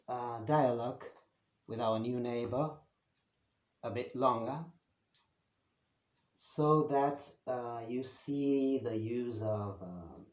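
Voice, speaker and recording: Slow, patient male teacher. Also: medium pitch, a little mellow, echoey room. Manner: slow, patient, with many pauses and fillers. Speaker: Spanish teacher. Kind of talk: beginner language lesson at a whiteboard. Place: room with a board.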